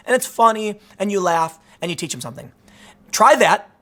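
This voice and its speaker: A man's voice: high voice, lively intonation, a little fast, bright, forceful tone. A man in his thirties hosting a casual commentary monologue, conversational and sarcastic, with lots of restarts and asides. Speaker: political commentary host.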